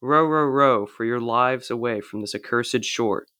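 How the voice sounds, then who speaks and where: A man's voice: medium pitch, measured pace, sharp tone, no echo, studio quality. A man reading aloud as a wild-eyed castaway, pleading and frantic with fear.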